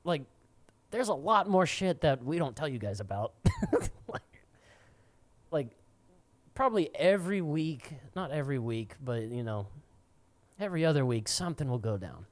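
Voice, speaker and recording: A man's voice: a little high, big pitch swings, normal speed, pauses often, dry recording. A young man co-hosting a podcast, telling a crude, rambling story with frequent laughs. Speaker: podcast co-host. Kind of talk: casual storytelling.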